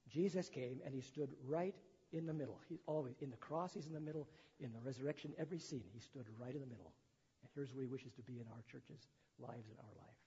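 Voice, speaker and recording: A man's voice: medium pitch, quick pace, dark tone, husky. A man preaching a sermon, reading the gospel and retelling it in plain words with chatty asides. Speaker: pastor. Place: church sanctuary. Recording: dull sound in a long-echo hall.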